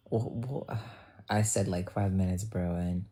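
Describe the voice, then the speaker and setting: Her voice is very deep, a little mellow, with a breathy edge. This woman streamer talks straight to her chat in a casual, blunt way, joking around and swearing freely as she answers viewers.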